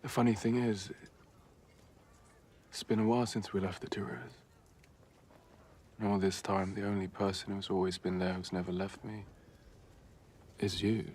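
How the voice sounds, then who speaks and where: An actor playing a weary, earnest young male hero who speaks quietly and reflectively. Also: deep voice, flat delivery, moderate pace, pauses often, a little hiss or hum, natural voice. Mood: grateful.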